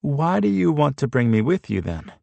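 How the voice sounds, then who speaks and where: A man's voice: a little high, very animated, normal speed, vocal fry, dark tone, no echo, lo-fi sound, voice pushed up, heavily acted. A man voicing a shy, wry young woman. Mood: curious.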